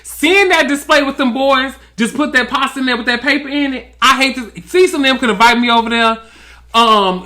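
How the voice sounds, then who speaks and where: A man's voice: very high-pitched, fairly quick, bright, forceful tone. A man giving sassy, drawling comedic recap commentary on a reality TV episode. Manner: sassy, drawling, mimics cast members in quotes.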